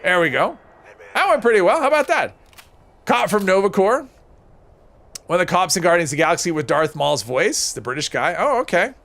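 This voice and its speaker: On a live stream, a man rambles to his chat while playing a game, reading their messages and often correcting himself mid-thought. His voice is a little high for a man, gravelly and raspy, with a fairly bright tone and a sing-song pitch that swings up and down a lot. He talks a bit fast and pauses often.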